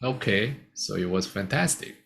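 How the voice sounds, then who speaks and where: A man's voice: lowish voice, expressive, normal speed, vocal fry, a bit bright, husky. A man teaching a casual one-on-one English lesson, patiently explaining simple words.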